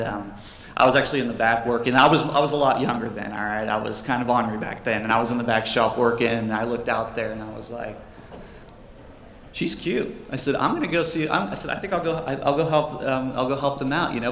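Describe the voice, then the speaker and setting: A man's voice: medium pitch, fairly bright tone. A young man, a jeweler, casually telling funny customer stories to a convention audience and acting out the people in them. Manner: jokey, acts out customers and his dad in raised voices. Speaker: jeweler giving a convention panel talk. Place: convention panel room. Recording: roomy hall with faint background noise.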